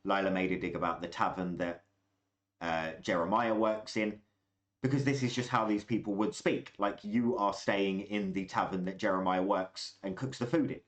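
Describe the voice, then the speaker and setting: A man chatting calmly as game master, explaining his choices in long flowing sentences. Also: deep voice, normal speed. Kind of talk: casual chat.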